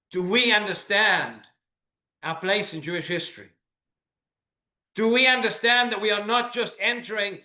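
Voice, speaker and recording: Male rabbi, earnest sermon with rhetorical questions; high, bright voice; roomy synagogue echo.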